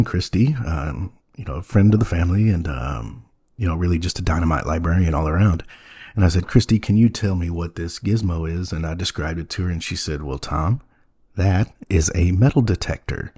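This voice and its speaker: A man hosting a comedy podcast, telling a story in a halting, earnest and naive way, full of ums and you-knows. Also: deep voice, warm tone, slightly rough. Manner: earnest, wide-eyed naive. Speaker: podcast host playing a naive character.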